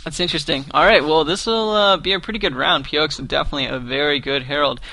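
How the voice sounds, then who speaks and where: A man's voice: a little high, quick pace, vocal fry, bright, forceful tone. A man doing live play-by-play commentary on a competitive video game, talking loosely with lots of "you know" fillers.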